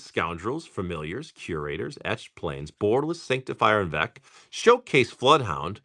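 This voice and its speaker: A man's voice: medium pitch, pushed and bright, no echo, studio quality. A tired middle-aged man hosting a live card-opening stream, casually chatting, teasing viewers and swearing freely. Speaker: card-breaking stream host.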